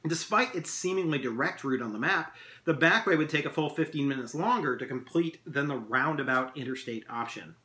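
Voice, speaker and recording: A male English teacher reads his own novel aloud in a steady storytelling voice. His tone is bright and forward. The recording sounds echoey, as in a hard room. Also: a little high, fairly quick.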